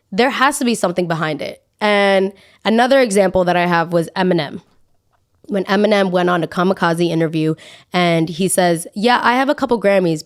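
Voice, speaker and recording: A young woman hosting a podcast, talking casually in an animated, dramatic and exasperated way. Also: mid-range voice. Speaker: podcast host. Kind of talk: casual opinion monologue.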